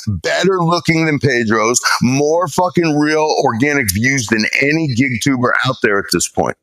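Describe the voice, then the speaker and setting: A man's voice: mid-range voice, lively intonation, normal speed, a bit bright, no echo. Boastful, swearing man, dry sound. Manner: boastful, swaggering, swears a lot. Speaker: guest YouTuber. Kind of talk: casual profane podcast chat.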